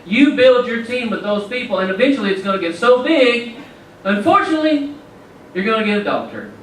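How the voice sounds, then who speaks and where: A man's voice: extremely high pitch, animated, brisk, fairly bright tone, a little hiss or hum. Folksy man telling stories in a hall. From Southern US. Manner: folksy, joking, addresses the crowd directly. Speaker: featured event speaker. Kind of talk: storytelling speech to an audience. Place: large event hall indoors. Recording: echoey hall from far off.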